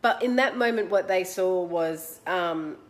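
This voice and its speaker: An Australian woman in her forties, hosting and telling a personal story in a chatty, animated, self-mocking way. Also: on the low side, unhurried. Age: 40s. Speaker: host.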